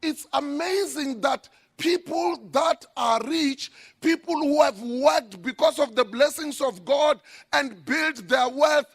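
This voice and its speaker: Male pastor, church sermon, very high voice, slow deliberate delivery, bursts of shouting. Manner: emphatic preaching with sudden shouted lines.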